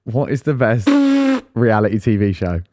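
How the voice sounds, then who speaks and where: A man's voice: on the low side, moderate pace, darkish tone, no echo, studio quality. A young man co-hosting a podcast in easygoing, casual chat, reading out listener questions and swearing now and then. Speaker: podcast co-host.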